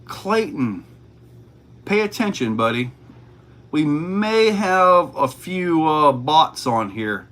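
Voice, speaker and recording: A man's voice: on the high side, big pitch swings, takes it slowly, fairly bright tone. A man hosting a casual livestream, reading chat questions aloud and answering in a laid-back way.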